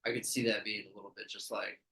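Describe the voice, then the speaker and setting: A man's voice: lowish voice, little pitch movement, fast, pushed and bright, distant mic. Man, podcast host; laid-back rambling chat, sits back from the mic in a roomy space. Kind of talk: casual chat.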